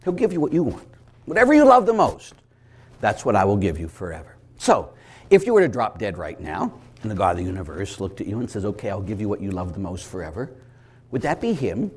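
Animated preaching priest, lively pitch. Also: male voice, a little fast, slightly rough. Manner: animated storyteller who acts out voices and shouts for emphasis. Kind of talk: lively preaching with acted dialogue.

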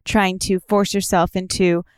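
Woman, smooth clear voice, dry close sound, conversational podcast co-host. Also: mid-range voice, flat delivery, a little slow, darkish tone, dry recording. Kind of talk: podcast interview.

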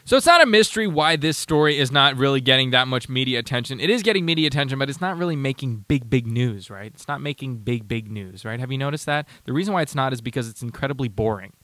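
A man's voice: mid-range voice, expressive, fast, few pauses, bright, forceful tone, dry recording. A man hosting a casual talk show, sarcastic and rambling, with many restarts. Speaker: podcast host. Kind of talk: casual commentary.

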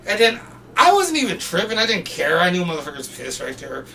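A man telling stories in a casual, animated way, full of slang and swearing and getting loud when he acts out the scenes. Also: high-pitched, brisk, far from the mic, slight background noise. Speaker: podcast guest. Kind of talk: casual storytelling.

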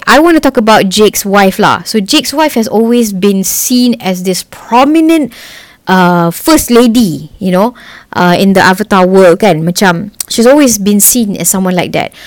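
A woman's voice: mid-range voice, no echo. A young woman with a Malaysian English accent, talking casually and animatedly as a podcast host and switching between English and Malay. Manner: animated, mixes English and Malay mid-sentence. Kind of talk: casual chat.

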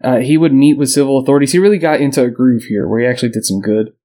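This man's mid-range voice races along while he co-hosts a podcast. Even so, his history retelling stays casual and relaxed, full of fillers and small laughs.

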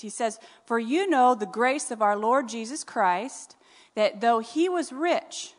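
A woman preaching a sermon in a church, animated and rising to emphatic peaks. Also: on the high side. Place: church sanctuary. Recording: long reverb of a large hall.

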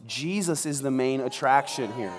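A man's voice: mid-range voice, normal speed, background noise. A man preaching a sermon as pastor in a large church, joking and conversational, acting out scenes as he goes. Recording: long reverb of a large hall.

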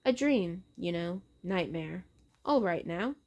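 A jittery killer fakes an overly cheerful, fussy politeness, as a woman reading aloud puts him on, the voice pitched higher than her plain reading. The delivery is slow and drawn out, with a gravelly edge. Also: lively intonation, darkish tone, heavily acted. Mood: falsely cheerful. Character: nervous killer feigning polite calm.

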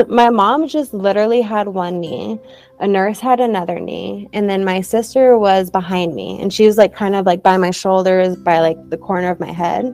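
Young woman, mellow warm voice, casual chatty storytelling, lots of like fillers, faint music behind. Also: mid-range voice, lively intonation, normal speed, vocal fry. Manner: chatty, many "like" fillers, laughs while telling. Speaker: guest telling her birth story.

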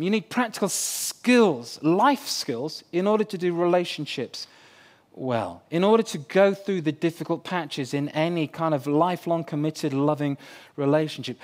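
A man preaching a sermon in a conversational way, putting questions to his listeners. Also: on the high side. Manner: conversational, asks the crowd questions.

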